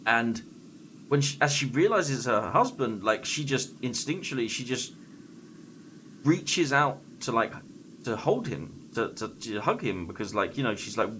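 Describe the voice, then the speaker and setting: A man streaming a game while casually retelling a scary story, halting and full of fillers and restarts. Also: medium pitch, sing-song, a bit bright, slight background noise.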